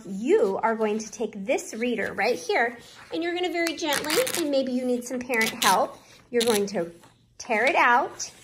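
A woman teacher leads young children through a phonics lesson, sounding out each letter. She speaks slowly and with encouragement, in a slightly high voice. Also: fairly bright tone.

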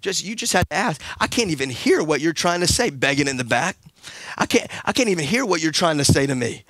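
A man in his thirties preaching a sermon, swinging between sung, rising calls and a soft storytelling voice. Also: fairly high pitch, very animated, a little fast, no echo, clean studio sound. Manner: drops to a soft conversational storytelling voice. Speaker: pastor.

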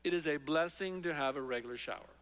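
Bright-voiced pastor preaching in a reverberant hall. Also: male voice, quick pace, clean tone. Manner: conversational, emphatic, drops low for quoted scripture. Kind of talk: expository sermon. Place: large church sanctuary.

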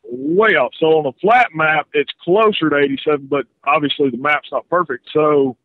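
A man's voice: on the high side, moderate pace, dry recording. A man from North Carolina calling into a radio show, telling a rambling story with many hesitations. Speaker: caller. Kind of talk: phone call-in conversation. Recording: tinny dry phone line.

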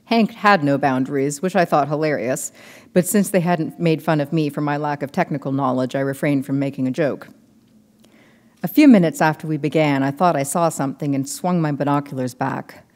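A woman novelist reading her book aloud in measured, steady narration. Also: sits low, long reverb tail.

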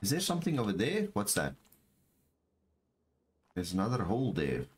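An excitable man gives live commentary while streaming a game, talking straight to his chat. His voice swings widely, dropping to low murmurs and leaping to high, excited shouts. He often repeats a phrase several times. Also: moderate pace, slight background noise. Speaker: gaming streamer.

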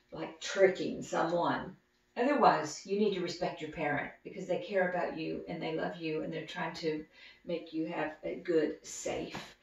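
A woman teaching children, telling a Bible story in simple, animated words. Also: fairly low pitch, vocal fry. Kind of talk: Bible story lesson for kids. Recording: echoey room, distant dull mic.

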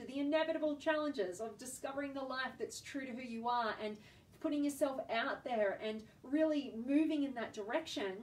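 A woman in her thirties hosts a live stream with eager energy, greeting viewers by name between stories. Her voice sits a little high, and she is caught slightly away from the microphone. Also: recorded from a distance, low-quality recording. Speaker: host.

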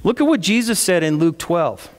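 A pastor delivering a sermon in a conversational way, putting questions to the congregation. His male voice sits fairly high. A long church-hall reverb trails each phrase. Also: animated, normal speed. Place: church sanctuary.

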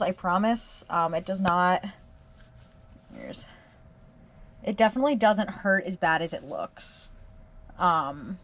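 A woman in her twenties talking casually to the camera at home in a wry, self-deprecating video diary. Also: mid-range voice. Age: 20s. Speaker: vlogger. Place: at home, indoors.

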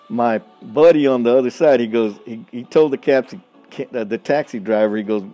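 A blunt, folksy man talks straight to his listeners in a relaxed, storytelling way, chuckling as he goes. His voice is mellow and warm, and faint music plays underneath. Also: medium pitch, moderate pace. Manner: blunt, folksy, laughs often, addresses listeners as y'all. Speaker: podcast host. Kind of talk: casual storytelling monologue.

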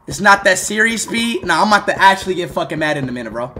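Loud, profane streamer with wild swings. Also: male voice, high voice, expressive, quick pace, hardly any pauses, a little hiss or hum. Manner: loud, profane, swings between muttering and shouting. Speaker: live-streamer. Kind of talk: live gameplay stream commentary.

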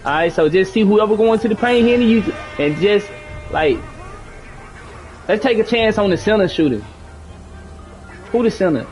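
A young man talks through a basketball video game with his teammates, coaching them and scolding them in loose, profane slang. His voice sits a little high for a man and jumps around a lot in pitch. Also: animated, moderate pace, long pauses, a little mellow, soft background music. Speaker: gaming streamer. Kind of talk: live gameplay chat with teammates.

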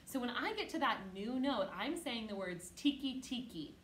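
A woman gives children an online music lesson in a slightly high, sing-song, fairly bright voice, speaking slowly and clearly with patient encouragement. There's slight background noise, a roomy echo and faint music in the recording.

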